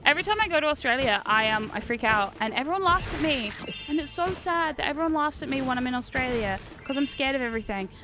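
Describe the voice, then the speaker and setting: Talking fast and animated in a high-pitched voice over music, a young New Zealand VTuber keeps up casual chat while gaming. She swears freely as she goes.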